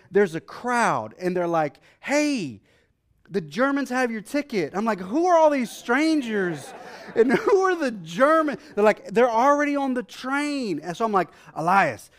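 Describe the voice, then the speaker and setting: A man preaching a sermon, telling a personal travel story with excitable energy and acting out the people in it before settling into calmer Bible teaching. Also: high voice. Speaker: pastor.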